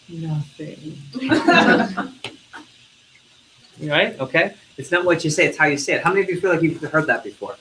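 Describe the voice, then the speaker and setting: A man's voice: on the high side, fairly bright tone, a little hiss or hum, rough recording. A man leading a live sales training session, energetically quizzing the trainees in the room.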